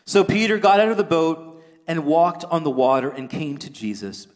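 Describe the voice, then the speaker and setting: A man preaching a sermon as pastor, earnest and rising toward near-shouting at times. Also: a little high, lively intonation, fairly quick. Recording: long hall reverb.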